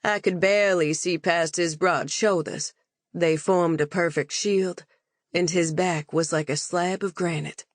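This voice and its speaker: A female audiobook narrator reading in the first person at a slow, unhurried pace. Her delivery is calm and even, and the dry, close sound has no room echo. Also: fairly low pitch.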